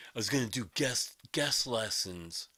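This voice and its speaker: A man's voice: mid-range voice, lively intonation, a little slow, pushed and bright, slight background noise. A man voicing a whiny, self-important male guitarist in a mocking impression.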